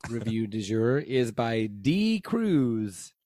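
A man co-hosting a podcast, reading out reviews and cracking deadpan jokes in casual chat. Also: medium pitch, slow, dry recording.

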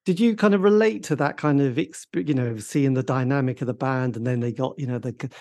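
A man's voice: medium pitch, a little fast, mellow. A man hosting a casual interview, asking meandering questions. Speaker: podcast host.

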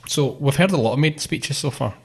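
A man's voice: medium pitch, quick pace, vocal fry, a little mellow, husky. A man with a Scottish accent, interviewing casually and asking easygoing questions. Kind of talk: conversational interview.

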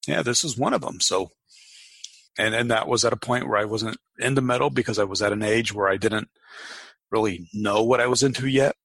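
A middle-aged American man co-hosts a podcast in casual chat, often repeating words as he starts a sentence. His voice is fairly low, brisk, husky, and fairly bright with vocal fry, in a dry recording.

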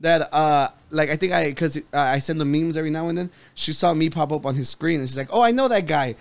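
A man's voice: fairly high pitch, fairly even intonation, fast, no room sound. A man hosting a podcast, telling a story in casual chat, rambling and laughing often. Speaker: podcast host.

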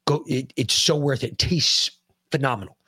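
Profane husky-voiced man on a podcast. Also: mid-range voice, moderate pace, no echo, studio quality. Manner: loud, profane, bursts into shouts when amused. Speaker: podcast co-host. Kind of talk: casual chat.

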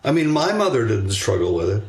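An older man answering interview questions about raising children in a measured, reflective way, pausing on fillers and restarting sentences. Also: lowish voice, sing-song. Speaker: guest author on parenting.

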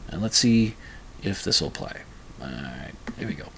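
A man's voice: low-pitched, expressive, moderate pace, slight background noise. Rambling male music show host. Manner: rambling, self-mocking, with fumbling restarts. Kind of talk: casual solo show talking about music.

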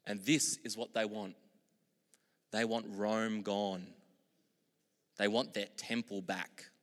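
A man preaching a sermon as pastor, moving between loud, emphatic proclamations and quiet, reflective asides. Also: on the low side, flat delivery, slow pace. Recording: long hall reverb.

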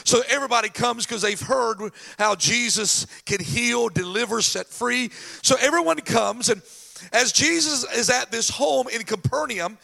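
Male pastor, bright gravelly voice, animated storyteller with folksy asides. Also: very high voice, unhurried. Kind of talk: sermon.

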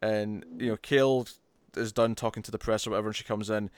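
A man's voice: fairly low pitch, steady tone, fast talker, smooth, no echo. A man co-hosting a casual comic book review podcast, talking with enthusiasm and acting out characters' lines as he retells scenes. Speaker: podcast co-host.

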